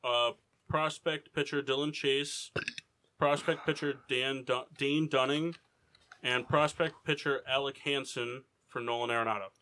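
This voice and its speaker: A man's voice: medium pitch, fairly even intonation, measured pace, pushed and bright. A man co-hosting a casual group podcast, talking in a rambling, joking way full of fillers. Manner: rambling, hedging with fillers, jokey. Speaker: podcast co-host.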